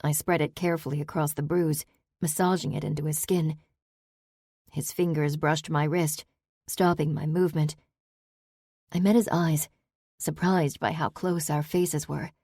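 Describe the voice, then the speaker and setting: Woman reading an audiobook in first person, low mellow voice, steady, dry close sound. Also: a little slow, pauses often, slightly rough, no room sound. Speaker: audiobook narrator.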